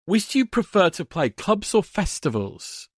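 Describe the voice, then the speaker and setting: Male podcast host, playful and animated, dry sound. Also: high-pitched, moderate pace, no room sound. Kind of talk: casual interview chat.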